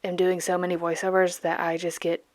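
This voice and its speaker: On the low side and a little fast, her delivery is completely flat, captured in a dry, studio-quality recording. Still, the young Georgia art channel host, with her light Southern accent, chats playfully over her painting, goofy and self-mocking, sometimes dropping to a whisper.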